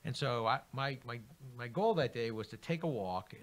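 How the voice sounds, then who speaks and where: Animated storytelling middle-aged man. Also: mid-range voice, moderate pace. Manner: animated, acts out quoted dialogue. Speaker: author and guest. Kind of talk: interview storytelling.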